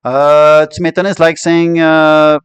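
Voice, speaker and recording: A man's voice: a little high, little pitch movement, slow pace, clear, resonant tone, no echo, highs cut off. A man with a Quebec French accent, teaching French expressions in a casual, joking way and laughing often. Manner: chatty and joking, laughs often, switches between English and French. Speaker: language teacher. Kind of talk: casual online language lesson.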